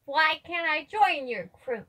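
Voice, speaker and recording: Woman putting on a small child voice, high, whiny, pleading, dramatic, tabletop role-play. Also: animated, slow, background noise. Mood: eager pleading. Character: tiny eager child adventurer, clingy and dramatic.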